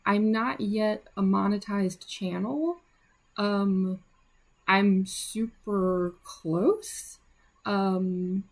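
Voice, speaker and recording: This livestreaming artist is a young woman who draws while casually chatting with viewers, peppering her speech with fillers and soft laughs. Her voice is medium-pitched with a somewhat dark tone.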